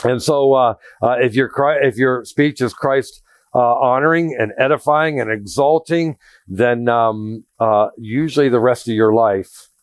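A man's voice: medium pitch, dry recording. A man preaching a sermon as a pastor, blunt and conversational, telling stories with self-deprecating humor.

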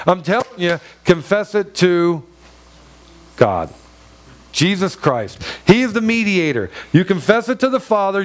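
A man preaching a sermon in a church, earnest and emphatic, with many rhetorical questions and repeated phrases. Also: high-pitched. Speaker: pastor.

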